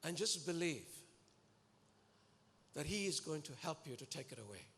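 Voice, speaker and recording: A man's voice: fairly high pitch, normal speed. Earnest man preaching in an echoey hall. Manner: earnest and animated, pleading and exhorting the congregation. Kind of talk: sermon. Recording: echoey hall with long reverb.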